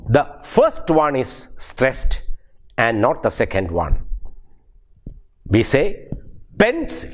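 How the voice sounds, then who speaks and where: A middle-aged man with an Indian English accent, giving a recorded university lecture on English pronunciation and repeating key definitions slowly and deliberately. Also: medium pitch.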